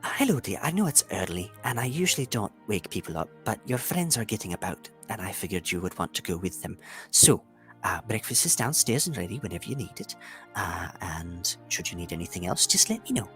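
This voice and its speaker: A man voicing a kindly older halfling innkeeper woman who fusses gently over a guest. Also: deep voice, sing-song, brisk, soft background music. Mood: gentle. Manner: gentle, fussing, hesitant.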